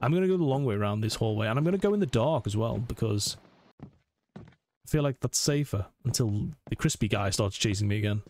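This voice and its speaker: A man's voice: lowish voice, lively intonation, brisk, a little mellow, a little hiss or hum. A man commentating a horror let's play, nervously narrating his every move to himself. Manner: jumpy, self-narrating, talking himself through scares. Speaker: gaming channel host.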